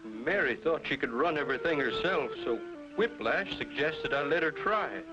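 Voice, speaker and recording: A man's voice: a little high, animated, moderate pace, close to an everyday voice. An actor playing a worried rancher father who speaks in an anxious, pleading way, on a dull old cartoon soundtrack with music under it. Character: rancher father, frantic and regretful.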